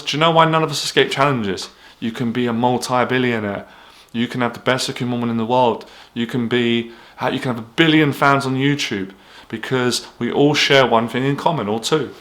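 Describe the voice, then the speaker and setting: A man's voice: medium pitch, steady tone, moderate pace, a bit bright. Blunt man giving a motivational talk. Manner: blunt, candid, swears freely. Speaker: anxiety coach. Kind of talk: motivational vlog monologue.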